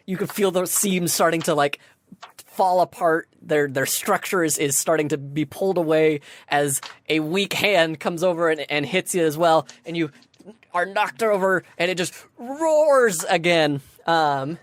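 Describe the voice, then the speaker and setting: A person running a tabletop game as dungeon master, narrating the action with lots of fillers. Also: mid-range voice. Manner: lively scene narration with many fillers.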